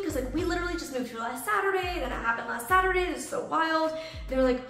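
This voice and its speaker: Young woman vlogger, fairly high voice, echoey room, faint music behind. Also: quick pace. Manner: animated storytelling, acts out quoted voices. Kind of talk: storytime vlog. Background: soft background music.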